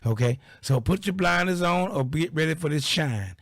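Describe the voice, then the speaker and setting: A man's voice: on the high side, expressive, normal speed, fairly bright tone, no room sound. A man hosting a casual talk radio show, rambling and boisterous with lots of repeated fillers.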